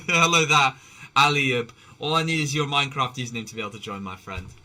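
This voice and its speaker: A man live-streams while gaming, chatting casually and rambling with restarts, swearing and laughter. His medium-pitched voice is quick, pushed and bright.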